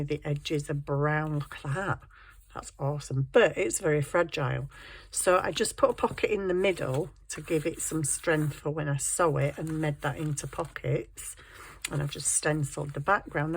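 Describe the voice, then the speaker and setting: Woman, deep and gravelly, chatty crafting vlog at her desk, slight hiss. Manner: chatty, self-deprecating, talks to her cat. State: scratchy throat. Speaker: crafting vlogger. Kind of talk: casual crafting chat.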